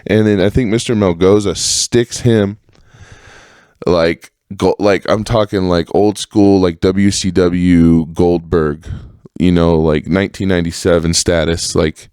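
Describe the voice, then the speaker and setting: A man's voice: sits low, measured pace, clean tone, dry recording, studio quality. Profane rambling man telling stories. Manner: profane, rambling, animated when quoting others. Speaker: podcast host. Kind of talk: casual storytelling monologue.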